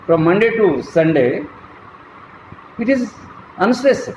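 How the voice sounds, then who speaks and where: A man giving a slow, deliberate classroom lecture as a college lecturer, spelling words out letter by letter. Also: a little high, lively intonation, darkish tone. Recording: echoey room, faint traffic noise.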